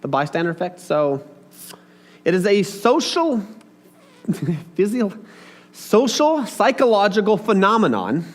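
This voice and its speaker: A man preaching a casual, chatty sermon, talking straight to his congregation with asides and questions. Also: sits high. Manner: chatty and animated, talks to the audience with asides.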